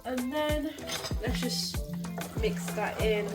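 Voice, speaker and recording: A young woman with a slightly higher voice and a bit of a cold chats casually as she cooks in a home kitchen. She rambles, uses fillers and corrects herself, with loud music playing behind her. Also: steady tone, normal speed, poor audio. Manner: chatty and scattered, with fillers and self-corrections. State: has a cold. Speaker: cooking vlogger. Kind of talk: casual cooking vlog chat. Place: home kitchen with frying food.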